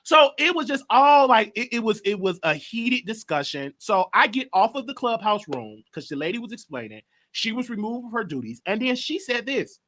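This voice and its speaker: Bright-voiced man recapping online drama. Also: high voice, very animated, normal speed, few pauses. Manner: rambling storytelling, repeats himself; reports overheard talk to viewers. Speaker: gossip show host. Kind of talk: casual gossip commentary.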